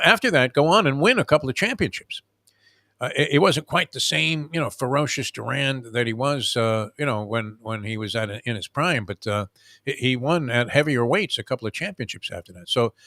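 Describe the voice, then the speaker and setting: A man's voice: medium pitch, sharp tone, no room sound. An older man hosting a casual sports talk show from home, telling rambling stories with many fillers and restarts. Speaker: show host. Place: home room.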